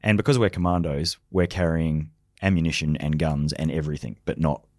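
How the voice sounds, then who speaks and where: Deep-voiced man telling war stories. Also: steady tone, a little fast, darkish tone, dry recording, studio quality. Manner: vivid anecdotes, acts out quoted dialogue. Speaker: leadership consultant, special forces veteran. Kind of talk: storytelling podcast conversation.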